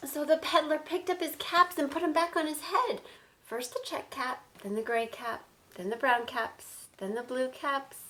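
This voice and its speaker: A woman teacher reading a picture book aloud to children, animated and stopping to ask them questions. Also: sits high, moderate pace, poor audio. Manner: animated, asks listeners questions.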